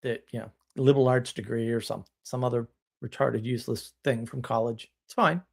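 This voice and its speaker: A man's voice: mid-range voice, steady tone, a little fast, creaky, darkish tone. A man hosting a live stream, talking bluntly and emphatically, now and then mimicking other people as he tells stories. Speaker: host.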